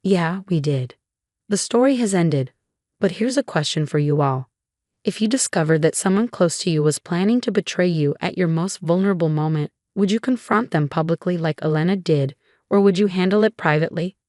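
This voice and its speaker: A woman reading a first-person story aloud in a steady, even narration. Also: fairly low pitch, brisk, no room sound, clean studio sound. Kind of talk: scripted narration.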